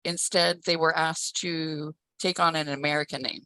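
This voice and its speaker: Earnest low-voiced woman, bright tone. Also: steady tone, normal speed, no echo, rough recording. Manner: earnest, with restarts. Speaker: participant, former teacher. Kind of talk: casual discussion.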